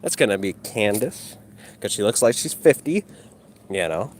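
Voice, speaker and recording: A man's voice: on the low side, big pitch swings, moderate pace. A man ranting and mocking his critics with heavy profanity while he exercises outdoors. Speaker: livestreamer.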